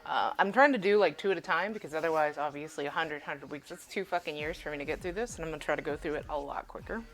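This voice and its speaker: A woman with a low-pitched, fast voice live-streams from her home kitchen, chatting casually as she cooks, swearing freely and laughing often.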